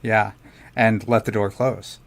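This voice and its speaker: Man thinking out loud as a player. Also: fairly low pitch, flat delivery, slow pace, vocal fry. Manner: thinks out loud while deciding moves. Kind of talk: tabletop game play.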